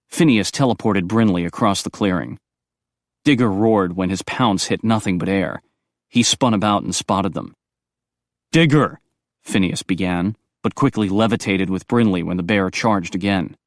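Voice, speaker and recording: A man reading audiobook narration in a brisk, expressive storytelling manner. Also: low-pitched, dry recording, clean studio sound.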